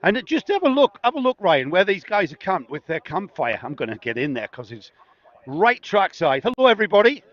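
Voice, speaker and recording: Speaking a little fast in a high, fairly bright, very animated voice, a middle-aged man from northeast England with a northeast English accent conducts jokey, teasing impromptu interviews at a racetrack. He holds a handheld mic as the trackside roving interviewer, and the outdoor audio is dull and lo-fi.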